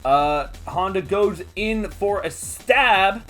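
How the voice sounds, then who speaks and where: A chatty man hosts a casual manga recap, animated and quick with laughing asides. His voice is a bit higher than usual for a man, and faint music plays underneath. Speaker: host.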